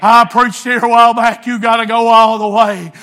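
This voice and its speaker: A man preaching a sermon, fervent and emotional, often shouting. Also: very high voice, flat delivery, moderate pace.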